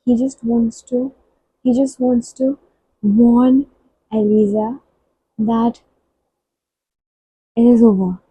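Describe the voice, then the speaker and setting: Book vlogger, female. Very mellow, breathy tone, soft-spoken and halting. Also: a little high, steady tone, poor audio. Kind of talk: reading-vlog reactions.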